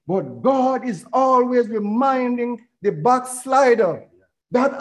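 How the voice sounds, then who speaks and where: A man's voice: very high-pitched, expressive, slow pace, low-quality recording. A middle-aged man preaching a sermon, retelling a parable as a story and quoting scripture.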